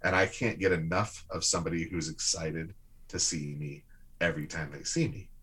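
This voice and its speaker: A man with a low, husky voice tells a personal story to a host in an easygoing, conversational way. He is animated and lively, pushing his voice up as the story builds. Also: moderate pace. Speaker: guest.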